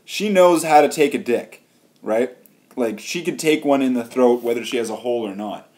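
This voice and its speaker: A man's voice: medium pitch, normal speed, darkish tone, a little hiss or hum. Rambling man riffing crude jokes. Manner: meandering, restarts often, riffs on silly wordplay. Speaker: vlogger.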